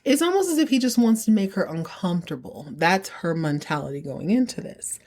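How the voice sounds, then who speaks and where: A woman hosting a podcast, recapping episodes in a chatty, sassy way with quick asides. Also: lowish voice, animated, darkish tone. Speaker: podcast host.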